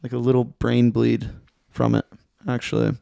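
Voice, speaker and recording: A man's voice: mid-range voice, completely flat delivery, normal speed, creaky, warm tone, no room sound. A young man from Michigan, a podcast guest telling a story in a laid-back, rambling way, swearing a lot. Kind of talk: casual chat.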